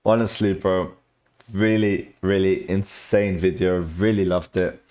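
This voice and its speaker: A man's voice: low voice, flat delivery, measured pace, a little mellow. A young British man in casual chat, reacting to clips and easily impressed, often saying "bro". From Britain. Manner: chatty, easily impressed, says "bro" a lot. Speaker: reaction video host.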